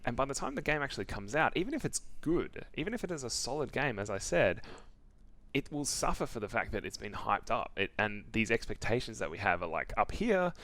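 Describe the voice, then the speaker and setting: A man co-hosting a casual games chat show, talking haltingly with restarts and frequent laughs. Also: mid-range voice, sing-song, fairly bright tone. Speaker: podcast co-host.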